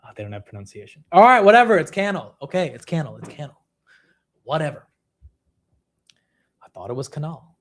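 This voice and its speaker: Animated, lively young male streamer. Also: fairly high pitch, fairly quick, pauses often. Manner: animated, self-mocking, reacting to chat. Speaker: livestream host. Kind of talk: casual livestream chat.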